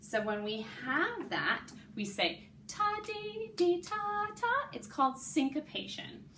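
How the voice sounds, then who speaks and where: A music teacher with a fairly high, sing-song voice leads children through rhythm syllables, singing them and explaining in warm, coaxing tones. She speaks unhurriedly in a roomy-sounding classroom with a board and slight background noise.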